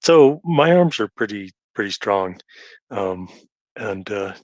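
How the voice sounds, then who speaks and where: Halting low-voiced man in casual chat. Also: animated, no echo. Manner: hesitant, halting, many fillers. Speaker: audio chat participant. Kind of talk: casual live audio chat.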